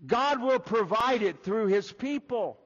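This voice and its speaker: A man preaching a sermon, folksy and animated, acting out little quoted voices as he walks through Scripture. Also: very high-pitched, a little slow, muffled recording. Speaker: pastor.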